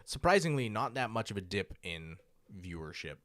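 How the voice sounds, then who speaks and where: A man's voice: on the low side, very animated, moderate pace, fairly bright tone. A young man co-hosting a casual podcast, chiming in with laid-back remarks and swearing. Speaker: podcast co-host.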